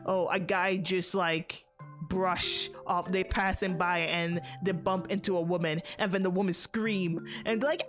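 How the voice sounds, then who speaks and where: Low-voiced woman chatting bluntly over music. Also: fairly even intonation, unhurried. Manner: chatty and blunt, swears casually, laughs often. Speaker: VTuber streamer. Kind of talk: casual storytelling chat. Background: faint background music.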